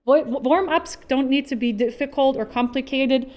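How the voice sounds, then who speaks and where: Woman, voice actor, panel speaker; bright-pitched, chatty and practical, upbeat with jokes. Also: moderate pace. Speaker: voice actor giving a convention panel talk. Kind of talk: informal how-to presentation. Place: convention panel stage.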